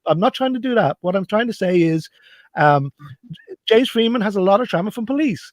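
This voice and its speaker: Male panelist, high voice, insistent and repetitive, dry close audio. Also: lively intonation, fairly quick, dry recording. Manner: insistent, keeps pleading to finish his point. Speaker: panelist in a call-in debate. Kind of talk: heated online panel debate.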